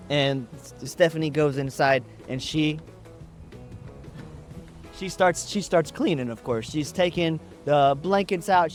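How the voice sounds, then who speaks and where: A man from Texas telling a story casually, with wry, profane, laid-back humor. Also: a little high.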